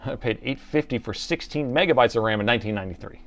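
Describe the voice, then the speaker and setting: Gravelly-voiced man narrating a repair. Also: mid-range voice, quick pace, a bit bright, soft background music. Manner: chatty and self-mocking, talking while working. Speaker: repair technician streamer. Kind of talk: live repair stream commentary.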